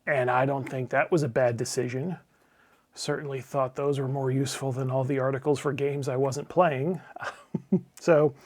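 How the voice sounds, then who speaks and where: A man's voice: fairly high pitch, darkish tone. Blunt, profane man reviewing a film. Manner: blunt, profane, wry asides. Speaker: channel host, game publisher. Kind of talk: scripted opinionated film review.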